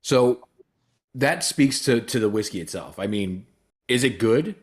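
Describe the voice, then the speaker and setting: A man talking casually as a contestant on a whiskey show, telling relaxed anecdotes. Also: medium pitch, measured pace. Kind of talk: casual chat.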